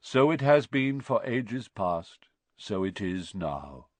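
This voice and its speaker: A man voicing a solemn, cryptic male centaur with a deep, sorrowful voice, speaking slowly and gravely in a storybook reading. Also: big pitch swings, no echo. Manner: slow, grave, evasive.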